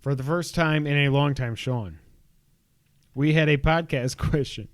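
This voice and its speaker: A man's voice: fairly high pitch, a little slow. A man co-hosting a casual gaming podcast, bantering in a jokey, giggly way. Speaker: podcast co-host.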